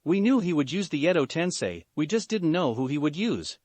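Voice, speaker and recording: A man voicing a gruff older male ninja sage who answers bluntly. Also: fairly high pitch, very animated, fairly quick, a little mellow, no room sound. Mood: curt. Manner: blunt, curt.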